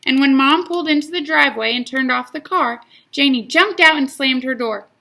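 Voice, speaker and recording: A woman reading a children's chapter book aloud, drawing out the words in an expressive storytelling way. Her voice is bright and fairly high, with a gravelly fry at the ends of lines. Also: a little fast. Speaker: reader.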